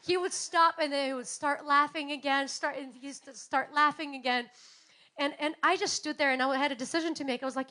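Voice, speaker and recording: A woman in her thirties preaching a sermon, telling stories and acting out quotes with big swings in loudness. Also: sits high, steady tone, brisk. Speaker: pastor.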